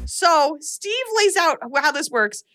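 A woman hosting a podcast, recapping a film in a chatty, animated way with many fillers. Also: high-pitched, takes it slowly. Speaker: podcast host. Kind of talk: casual chat recapping a film.

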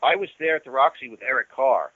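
A man's voice: mid-range voice, expressive, quick pace, no echo, narrow, tinny audio. A man guesting on an interview, telling long stories in a loose, rambling way full of restarts and "you know". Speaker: guest musician. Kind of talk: casual storytelling interview.

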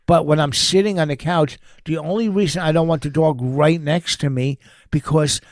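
A man's voice: on the high side, steady tone, normal speed, dry recording. Defensive man arguing, dry close mic. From grew up around an aggressive way of talking. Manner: defensive, interrupts often, blunt. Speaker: partner in a couple's argument. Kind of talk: heated casual argument.

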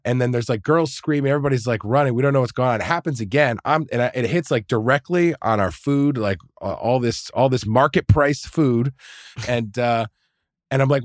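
Dude rambling thru a party story, lots of ums and cussing, mid voice, dry close mic. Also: male voice, mid-range voice, fairly quick, no room sound. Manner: rambling, profane storytelling with many fillers. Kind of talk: casual chat.

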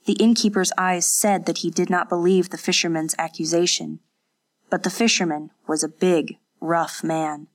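Low-voiced woman reading a story. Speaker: audiobook narrator. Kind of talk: scripted narration.

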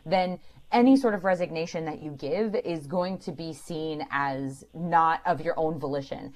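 A woman explaining employment law clearly and emphatically to a caller, as host of a call-in show. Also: low voice, a little mellow. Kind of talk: radio call-in advice.

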